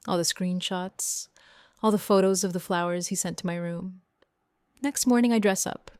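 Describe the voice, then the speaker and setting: A woman's voice: lowish voice, fairly even intonation, moderate pace, a little mellow, no echo, clean studio sound. A woman narrating a graded-reader story for English learners in short, simple, evenly read sentences. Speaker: audiobook narrator.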